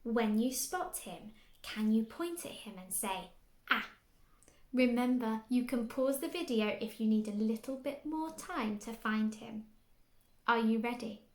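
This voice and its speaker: A young woman teaching phonics to small children, slow and exaggerated, asking questions and giving lots of praise. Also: fairly high pitch, reverberant. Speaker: early years phonics teacher. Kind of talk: sing-song lesson for small children.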